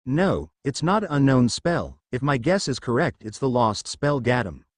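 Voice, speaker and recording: Guy reading a bossy young woman commander, orders and snappy retorts, lively pitch, dry sound. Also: measured pace, no room sound. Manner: barks orders, sharp retorts. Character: commanding young woman army leader, tense.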